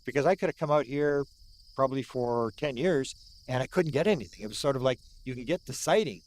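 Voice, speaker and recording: A Canadian man in his sixties, an older UFO researcher, recounts a sighting outdoors at the site in a mid-range voice that moves a little fast. His storytelling is animated, with repeated words for emphasis and acted-out quotes of what people said.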